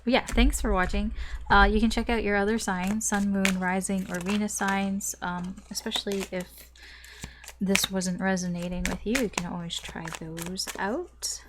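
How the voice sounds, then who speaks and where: A woman's voice: mid-range voice, flat delivery, normal speed, background noise. A woman doing a casual tarot reading to camera, rambling with many fillers and restarts, and swearing now and then. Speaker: tarot reader.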